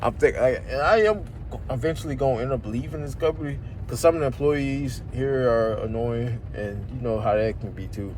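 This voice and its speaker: A man's voice: mid-range voice, moderate pace, darkish tone, slight background noise. A young man venting in a rambling, slang-heavy, swear-filled vlog rant about his job. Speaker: vlogger. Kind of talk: ranting vlog.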